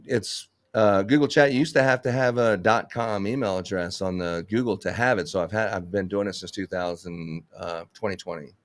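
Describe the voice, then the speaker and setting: A man's voice: sits low, normal speed, hardly any pauses, dry recording. A man who runs a Christmas lights business, talking bluntly in a casual live chat, swearing and laughing often.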